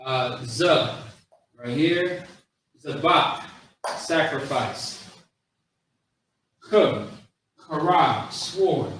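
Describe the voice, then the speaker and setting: A man leads a language lesson, repeating each word slowly and patiently. His voice sits a little high. He sounds far from the mic in a very echoey room. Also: animated, fairly bright tone, a little hiss or hum. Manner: slow, repetitive drilling of words with casual asides. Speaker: language teacher. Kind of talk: classroom lesson.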